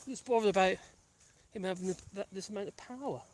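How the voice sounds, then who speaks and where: A man's voice: high voice, fast talker, darkish tone, a little hiss or hum. A man chatting casually on a countryside walk with his dogs, rambling and wry and easily sidetracked, recorded outdoors on a small phone mic. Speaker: vlogger. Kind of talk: casual chat while walking dogs.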